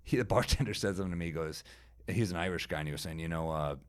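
A man in his thirties hosting a podcast, musing in a low-key casual way. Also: racing, smooth. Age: 30s. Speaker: podcast host.

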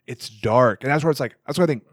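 A man's voice: medium pitch, quick pace, dry recording. Young male comedian guest, rambling casual talk, dry close mic. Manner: rambling, loose, profane. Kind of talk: casual podcast banter.

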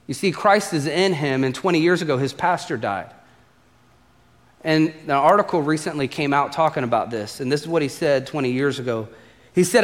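A man preaching a sermon in a church auditorium, his fairly high voice ringing with a long hall reverb. He talks conversationally, repeating key lines for emphasis. On serious points he sinks to a soft, low murmur. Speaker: pastor.

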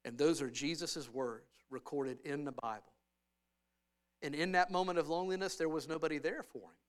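A man preaching a sermon in a church, talking in a conversational way that swings between hushed and loud, emphatic stretches. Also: a little high, moderate pace. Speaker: pastor. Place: church sanctuary.

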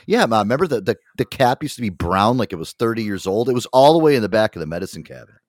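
A man from an Italian-American family hosts a casual talk show, his low voice rising and falling a lot as he swears his way through stories. The recording is dry and close, with no room sound. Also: fast talker, dry recording. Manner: crude, animated, swears often. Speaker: podcast host. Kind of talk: casual chat.

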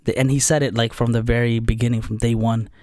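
A man's voice: mid-range voice, fast talker, no echo, studio quality. Filipino-born man telling a story. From Philippines. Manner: storytelling, animated with laughs. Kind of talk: casual conversation.

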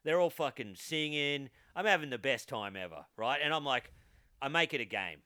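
A man on a podcast telling work stories with loose swearing and a tag of "right?" on many lines. His voice is bright and crisp. It sounds dry and close-miked. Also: medium pitch, expressive, normal speed, dry recording. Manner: laughing, swearing storyteller, says right and man a lot. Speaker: podcast co-host. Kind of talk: casual chat.

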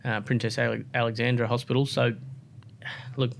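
A man's voice: medium pitch, little pitch movement, brisk, vocal fry, a little hiss or hum. Rambling Australian man telling a story. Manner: rambling, many fillers and restarts. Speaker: guest, off-road racer. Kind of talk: casual interview storytelling.

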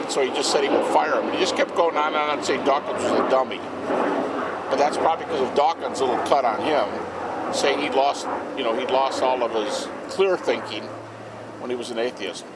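A man speaking as a guest at an outdoor garden party, telling anecdotes in an animated way. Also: mid-range voice, normal speed, very noisy. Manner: animated, acts out quoted speech. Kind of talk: anecdotal storytelling to a small group.

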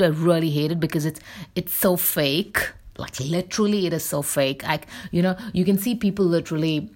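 Female podcast host, low creaky voice, loose rambling chat. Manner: rambling, full of fillers and tangents. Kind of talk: casual rambling monologue.

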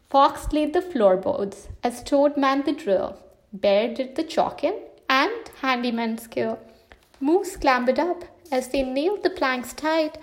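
Woman reading a rhyming kids' book aloud; high, slow, sing-song. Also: expressive. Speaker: storybook reader. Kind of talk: children's storybook read-aloud.

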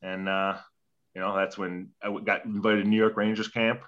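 A man's voice: lowish voice, level tone, normal speed, dull audio. A young man, a former hockey player, telling a story in a casual interview, profane and rambling, acting out quoted dialogue.

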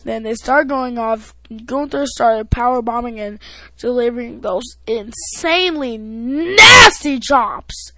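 A woman hosting a podcast, recapping wrestling in a casual, rambling way with many halting restarts. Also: a little high, no echo. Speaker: podcast host.

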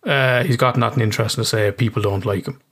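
Irish man, therapist, low voice, casual, swears freely. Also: fast, fairly bright tone, breathy edge. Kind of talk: casual interview explanation.

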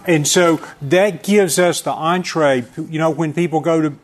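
A man leading a church panel, speaking in a measured way and slowing down to stress his points. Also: fairly high pitch, steady tone.

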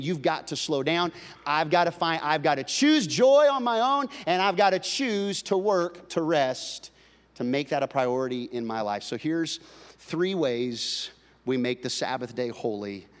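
Animated preaching man in a big hall. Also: mid-range voice. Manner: animated preaching with jokes, swings from loud to quiet. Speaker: pastor. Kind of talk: sermon.

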